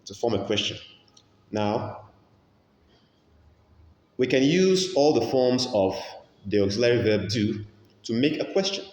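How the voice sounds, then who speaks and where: A man teaching an English grammar lesson, slow and patient, repeating each example several times. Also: mid-range voice, lively intonation, a little mellow, dull audio. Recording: echoey room with long reverb, faint ambience.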